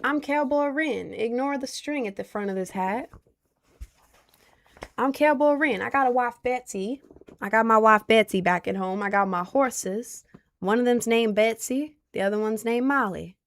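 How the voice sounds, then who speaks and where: Girl doing a high slow southern cowboy guy, gravelly drawl, ranch type. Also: lightly acted. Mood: folksy. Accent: put-on Southern US.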